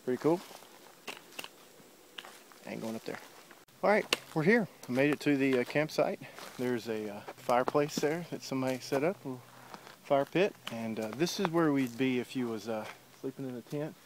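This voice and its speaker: A man's voice: mid-range voice, expressive, normal speed. A man talks to a handheld camera as he walks a wooded river trail outdoors. His speech is loose and meandering, full of uhs and ums, and he is a little out of breath. Faint noise and mic handling can be heard under his voice. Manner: rambling, many fillers like uh and um. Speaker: hiker filming his trip. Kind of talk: casual walking vlog. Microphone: handheld camera while walking.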